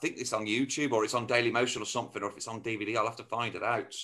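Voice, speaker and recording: A man's voice: mid-range voice, fairly even intonation, racing, sharp tone. A man hosting a casual interview, engaged and asking probing questions. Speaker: interviewer host.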